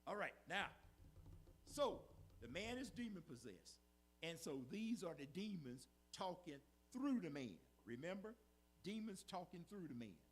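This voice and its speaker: Pastor, animated high-pitched sermon delivery, call-and-response style. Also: male voice, measured pace, breathy edge. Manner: preaching with call-and-response asides, repetitive emphasis. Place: church sanctuary.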